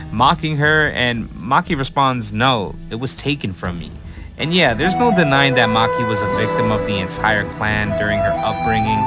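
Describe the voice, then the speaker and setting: A man narrating an anime story recap as commentary, swearing freely and tossing hyped, sarcastic asides to his viewers. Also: medium pitch.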